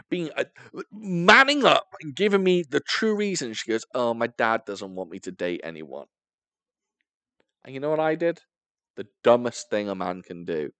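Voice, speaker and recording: A man's voice: fairly high pitch, big pitch swings, normal speed, a bit bright, dry recording. A young man co-hosting a podcast, telling a story in a casual, self-mocking way, laughing often and swearing freely. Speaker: podcast co-host.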